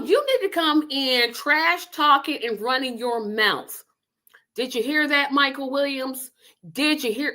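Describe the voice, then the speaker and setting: A middle-aged woman hosts a casual solo talk show, speaking with a bright, forceful edge. Her pitch sits a little high. She is opinionated and emphatic, pressing her points and talking directly to the audience. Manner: opinionated, emphatic, animated, talks to viewers and reads comments. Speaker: host of a live online talk show.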